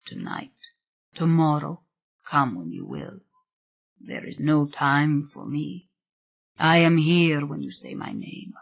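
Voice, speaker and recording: A sorrowful male spirit speaks in a low, vibrant whisper with a Scottish accent, voiced by an audiobook reader. He draws out every word slowly, seductive yet possessive. The recording sounds dull and muffled. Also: gravelly.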